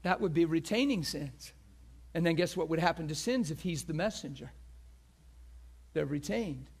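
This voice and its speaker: A man with a high voice preaches a passionate sermon. He climbs to shouted peaks, then drops to a hushed near-whisper, and acts out the crowd's voices with sharp gasps. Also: lively intonation, normal speed, breathy edge.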